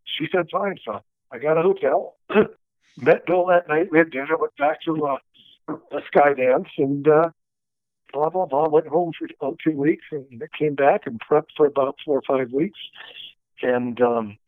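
A man telling stories from his career as a stunt coordinator, animated and acting out the dialogue he quotes. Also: a little high, moderate pace, dry recording. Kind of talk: storytelling interview. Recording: dry, tinny phone-like line.

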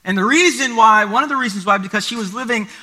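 A man's voice: sits high, quick pace, sharp tone. A man, a pastor, reading scripture aloud and then preaching a sermon at a church service, explaining the passage through everyday comparisons.

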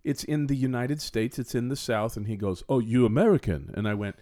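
A medium-pitched, brisk Florida man co-hosts a podcast, storytelling with energy and performing both sides of an exchange. The audio is studio quality with no echo, and the talk is a casual storytelling chat.

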